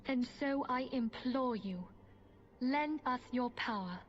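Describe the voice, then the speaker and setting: A woman playing a solemn, learned female mage in a game cutscene, speaking in a formal, measured way with archaic phrasing. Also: sits high, slight background noise. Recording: muffled game audio with soft music.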